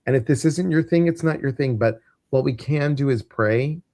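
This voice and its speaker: A man's voice: medium pitch, normal speed, dark tone, no room sound, studio quality. A man with a Midwestern American accent hosting a casual live stream, chatty and rambling, with plenty of ums and uhs. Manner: chatty, rambling, many fillers. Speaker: host.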